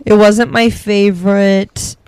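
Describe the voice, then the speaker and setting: A woman's voice: medium pitch, level tone, slow, a little mellow, clean tone, no room sound. A woman co-hosting a casual movie podcast, talking hesitantly and searching for words. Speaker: podcast co-host. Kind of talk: casual movie review chat.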